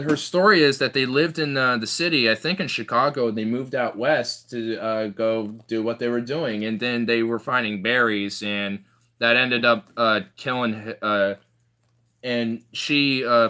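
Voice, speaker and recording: Young guy rambling on about stuff, kinda low, bright tone. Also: clear, resonant tone. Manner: rambling, filler-heavy storytelling. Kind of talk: casual chat.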